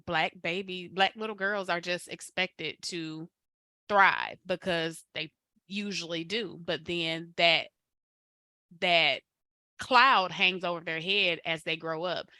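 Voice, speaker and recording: Low, bright-toned woman speaking thoughtfully. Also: slow, dry recording, clean studio sound. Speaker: panelist. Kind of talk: panel discussion.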